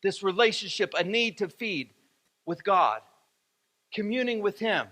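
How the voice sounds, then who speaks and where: High, bright-voiced preaching man. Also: lively intonation, a little slow. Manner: repetitive, emphatic preaching with rising fervor. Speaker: pastor. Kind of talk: sermon. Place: church sanctuary. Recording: echoey church hall.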